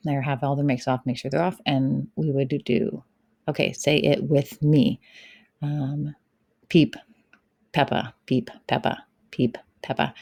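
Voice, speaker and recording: A woman's voice: sits low, gravelly, mellow, no room sound, clean studio sound. A woman kindergarten teacher talking through a tutorial on how she runs her online lessons, chatty and explaining step by step with light fillers. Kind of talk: tutorial walkthrough.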